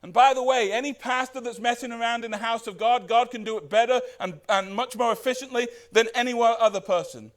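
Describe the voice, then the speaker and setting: Guy preaching a sermon, pretty high voice, keeps asking the church stuff. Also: fairly quick, few pauses. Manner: animated, asks the congregation questions. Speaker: pastor.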